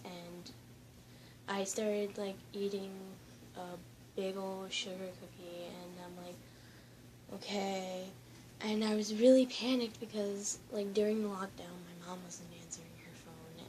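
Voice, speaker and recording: Teenage girl, student, rambling vlog storytelling, shaken, flat delivery, noisy home recording. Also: medium pitch. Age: teens. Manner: shaken, rambling retelling, shifting between quiet and loud.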